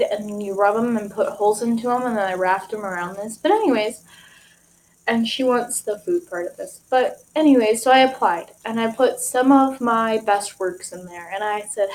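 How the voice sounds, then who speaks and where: Excitable young woman vlogging. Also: a little high, normal speed, rough recording. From Michigan. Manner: rambling, excitable, many fillers. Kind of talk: casual vlog monologue.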